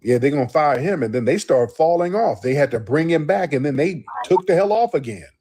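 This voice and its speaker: A man hosting a live call-in show, talking loosely and emphatically with drawn-out affirmations. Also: fairly high pitch, expressive, darkish tone, husky. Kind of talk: casual live call-in talk.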